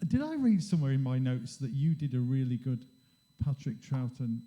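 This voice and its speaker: A man's voice: mid-range voice, very animated, normal speed, warm tone, dull audio. A man hosting a convention panel, chatty and jovial as he moderates. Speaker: panel host. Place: convention hall stage.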